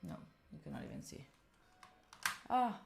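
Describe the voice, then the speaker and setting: Against a noisy background, a woman speaks at normal speed. She's from Italy with Italian as her first language, live streaming while she sets up, chatting casually, thinking aloud and talking directly to chat.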